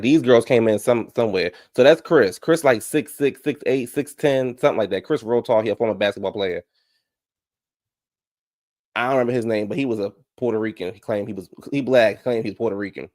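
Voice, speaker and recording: A man giving a sassy, animated casual review of a reality show, talking straight to his viewers. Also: lowish voice, creaky.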